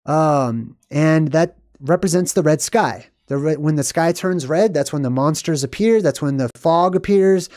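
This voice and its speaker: A man's voice: a little high, measured pace, hardly any pauses, darkish tone, no room sound, clean studio sound. A man giving casual, rambling movie commentary in a conspiratorial way, often ending points with "right?".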